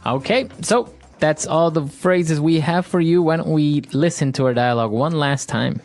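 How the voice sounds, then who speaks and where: A man's voice: a little high, normal speed, darkish tone, faint music behind. Man from Ecuador co-hosting a lesson. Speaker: co-host, English teacher. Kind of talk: language lesson explanation.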